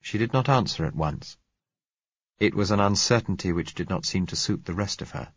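Deep, husky male audiobook narrator. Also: expressive, no room sound, dull audio. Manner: measured, reflective first-person narration. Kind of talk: audiobook reading of a novel.

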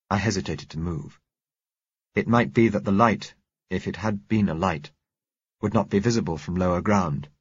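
A man reading a first-person story aloud in a measured, steady narration. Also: sits low, husky, no room sound, dull audio. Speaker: audiobook narrator.

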